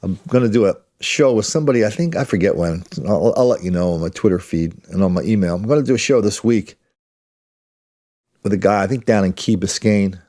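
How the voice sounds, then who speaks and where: A man's voice: lowish voice, brisk, dark tone. A man hosting his own podcast in a blunt, combative solo monologue, rambling with many restarts and asides. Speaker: podcast host.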